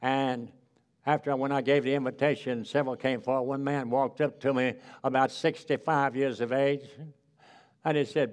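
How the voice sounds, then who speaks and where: A man's voice: mid-range voice, fairly even intonation, normal speed, clean tone. A male preacher giving a fervent sermon with personal stories, calling out hallelujah and drawing out key words.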